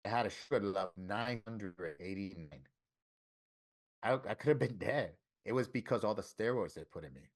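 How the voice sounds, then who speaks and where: A man's voice: on the low side, moderate pace. Profane, candid middle-aged man telling his story. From Florida, USA. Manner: candid, profane, animated in quoted dialogue. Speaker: interview guest, tattoo artist. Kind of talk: emotional storytelling interview.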